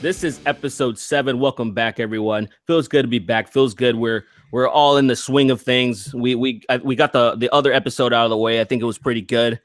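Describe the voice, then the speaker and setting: A man's voice: mid-range voice, fairly even intonation, brisk, hardly any pauses, no echo, faint music behind. A man hosting a casual podcast, rambling and crude, with frequent restarts and laughter. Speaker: podcast host.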